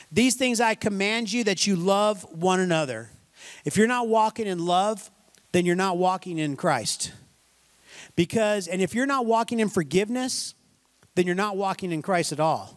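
A man delivers a sermon. He preaches in an emphatic, folksy way, hammering points home through repetition. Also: high voice. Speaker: pastor.

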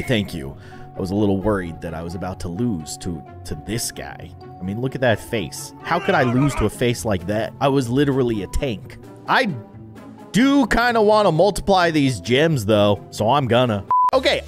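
A young man giving playful let's-play commentary on a video game, swinging from loud excited outbursts to mumbled asides. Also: mid-range voice. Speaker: gaming YouTuber.

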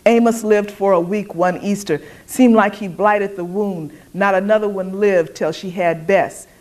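A woman's voice: medium pitch, steady tone, a little slow, a little mellow, lightly acted. A woman reading as a fierce, defiant young enslaved woman. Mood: grieving.

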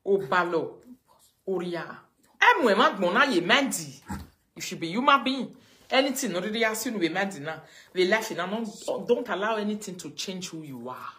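A Nigerian woman ranting on a livestream, mocking and scolding, her voice swinging between loud outbursts and low mutters. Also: animated, normal speed. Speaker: livestream host. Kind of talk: casual livestream rant.

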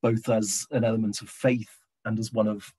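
Husky-voiced man giving a reflective lecture. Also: fairly low pitch, level tone, dark tone, rough recording. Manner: reflective, hesitant, slows down for readings. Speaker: guest lecturer and poet. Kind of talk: lecture with readings over a video call. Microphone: computer mic on a video call.

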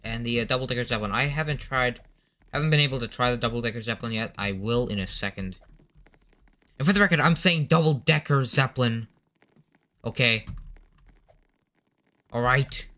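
A young man giving rambling, excitable commentary while playing an online game, with sudden outbursts. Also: mid-range voice, brisk, pauses often. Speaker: gaming commentator. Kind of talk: casual gameplay commentary. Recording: noisy game audio behind.

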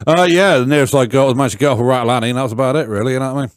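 A man's voice: medium pitch, rapid-fire, dry recording, clean studio sound. A man with a West Country English accent, chatting as a podcast guest, rambling and sweary with lots of "you know what I mean". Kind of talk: casual banter.

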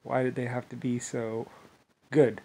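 A man's voice: medium pitch, level tone, measured pace, darkish tone, husky, low-quality recording. A man talking in a rambling monologue, restarting phrases often and breaking into laughter.

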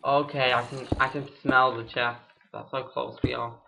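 Excitable gamer man yelling at mobs. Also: medium pitch, moderate pace, creaky, a little hiss or hum, rough recording. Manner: excitable, yelps and rages at enemies. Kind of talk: let's play commentary.

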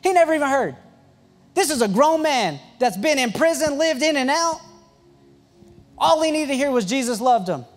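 Young male youth pastor, very high voice, excitable storyteller with quick jokes. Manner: excitable and joking, with quick asides and restarts. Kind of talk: storytelling sermon.

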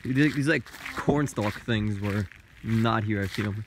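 A man's voice: lowish voice, slow, background noise. A young man vlogging outdoors by a lake on a handheld phone, narrating playfully to the camera. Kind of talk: casual travel vlog.

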